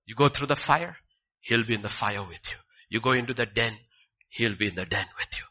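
A male pastor preaching a sermon, swinging between loud declarations and hushed near-whispers, repeating short phrases for emphasis. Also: on the low side, brisk.

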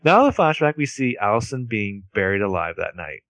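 A man's voice: fairly low pitch, very animated, fairly quick, fairly bright tone, no echo. A man co-hosting a podcast, narrating a TV episode's plot in casual chat with a wry manner. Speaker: podcast co-host recapping a TV episode.

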